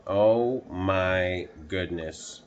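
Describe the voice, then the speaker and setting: A man reading a picture book aloud to children, pausing to ask the listener questions. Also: sits low. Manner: slow, asks the listener questions. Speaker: children's storytime reader.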